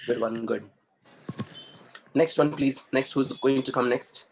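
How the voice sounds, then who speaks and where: A man's voice: mid-range voice, steady tone, unhurried, vocal fry, a little hiss or hum, rough recording. A man teaching an online class, giving encouraging feedback to students and often repeating his praise. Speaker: communication trainer.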